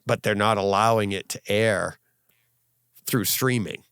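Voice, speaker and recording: A man's voice: on the low side, measured pace, a bit bright, smooth, no echo, clean studio sound. A man hosting a casual home podcast, rambling and laughing as he talks. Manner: rambling, self-interrupting, laughs often. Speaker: podcast host. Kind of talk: casual chat. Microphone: home podcast mic, recording his own side.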